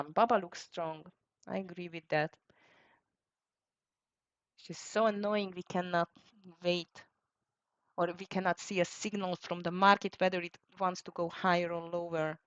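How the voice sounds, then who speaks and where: A woman's voice: medium pitch, a bit bright, no echo. A woman hosting a live trading stream, thinking aloud in slightly as she calls out prices and frets about the market. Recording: dry, dull lo-fi sound.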